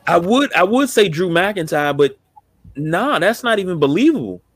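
A man co-hosting a casual wrestling chat, animated and slangy, often stammering as he pitches ideas. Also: moderate pace. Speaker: podcast co-host.

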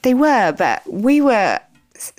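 A woman guest in an interview, telling a personal story in a lively way and acting out remembered dialogue. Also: a little high, slow. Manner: animated, acts out remembered dialogue.

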